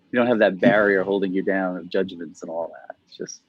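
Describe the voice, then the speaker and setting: A man's voice: low-pitched, dry recording. A middle-aged man in a casual interview over a video call, rambling, filling his talk with "like" and laughing often. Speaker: interview guest. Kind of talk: casual conversation. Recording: dull, dry audio.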